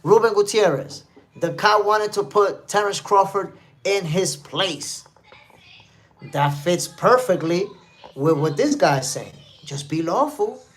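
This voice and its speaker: A man's voice: high voice, lively intonation, slow, fairly bright tone. A man from New City, hosting a live stream and giving casual commentary while reading the chat, emphatic and repetitive. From New York City. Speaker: livestream host.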